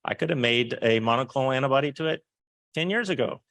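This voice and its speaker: Brief: man, mid pitch, dry sound, candid and halting panel answers. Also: lively intonation, a bit bright, no room sound. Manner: candid, halting, quick asides. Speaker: researcher on a panel.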